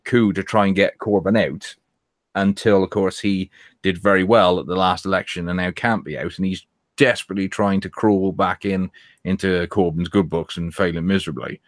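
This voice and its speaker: Deep-voiced English male co-host, dry recording, steady commentary. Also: moderate pace, no echo. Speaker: podcast co-host. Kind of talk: casual chat.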